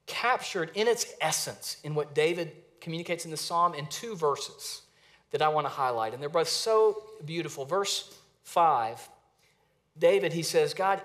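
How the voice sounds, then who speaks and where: A man with a slightly higher voice preaches a sermon. He is earnest and dynamic, stretching key words slowly and sinking to a hush for emphasis. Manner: earnest, varies pace and volume for emphasis, repeats phrases. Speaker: pastor.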